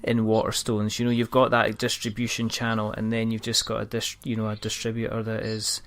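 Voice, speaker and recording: A man's voice: lowish voice, completely flat delivery, brisk, fairly bright tone. A man hosting a casual podcast interview, teasing his guests and laughing often. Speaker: podcast host.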